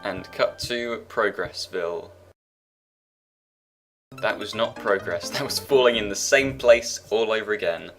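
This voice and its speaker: A man's voice: on the low side, a little slow, long pauses, a bit bright, soft background music. A man giving rambling, self-mocking commentary while he plays a video game, talking half to himself. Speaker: let's play gamer.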